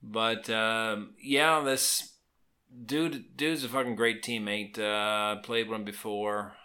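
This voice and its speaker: A man's voice: lowish voice, steady tone, bright, forceful tone. A man co-hosting a casual sports podcast, teasing and swearing freely. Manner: swears a lot, teasing, drawn-out delivery. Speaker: podcast co-host. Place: small room.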